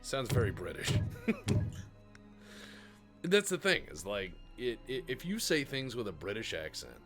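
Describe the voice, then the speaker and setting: A man hosting a casual gaming session, joking around, swearing, and breaking into animated asides. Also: medium pitch, takes it slowly, music in the background. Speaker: host of a gaming show.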